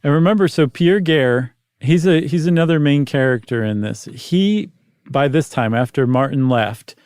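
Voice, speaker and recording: Slightly high-voiced male podcast co-host. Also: expressive, moderate pace, darkish tone, clear, resonant tone, no room sound, clean studio sound. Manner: explanatory, recaps facts with asides. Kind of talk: casual storytelling chat.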